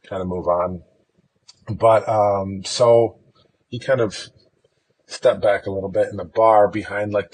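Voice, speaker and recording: A man's voice: fairly low pitch, vocal fry, a little hiss or hum, rough recording. A man from Chicago, a podcast guest, telling a personal story in an easygoing, rambling way.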